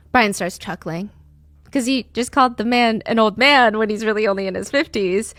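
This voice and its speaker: Animated woman telling a true crime story. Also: a little high, normal speed, no echo, faint music behind. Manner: animated, conversational narration. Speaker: podcast host.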